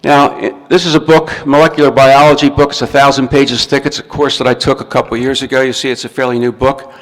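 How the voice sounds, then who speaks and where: In a recorded talk to an audience, a man lectures step by step, often restarting his words. His medium-pitched voice moves little in pitch and his delivery is brisk. A hall adds a long reverb to the recording.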